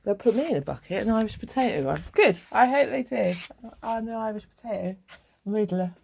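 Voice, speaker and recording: A woman vlogger in a rambling casual monologue, chuckling often and bickering with herself, with a gravelly voice. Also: mid-range voice, animated, brisk, darkish tone, a little hiss or hum.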